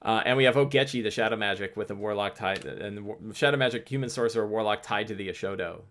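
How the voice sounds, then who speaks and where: A man's voice: on the low side, fast talker, fairly bright tone. A man hosting a live stream, answering chat questions in a loose, rambling way with many restarts. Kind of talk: casual livestream talk.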